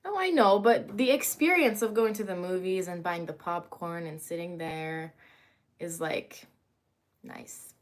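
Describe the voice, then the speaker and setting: A woman's voice: lowish voice, measured pace. A young woman chats easily on a casual home livestream. She greets her viewers by name, drifts from one thought to the next, and fills the gaps with "um" and "like". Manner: chatty, greets viewers by name, uses filler words. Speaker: livestream host.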